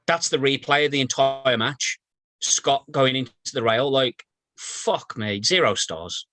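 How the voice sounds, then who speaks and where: A man's voice: mid-range voice, a little slow. A man co-hosting a podcast, bluntly swearing his way through a review. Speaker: podcast co-host. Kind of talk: casual chat.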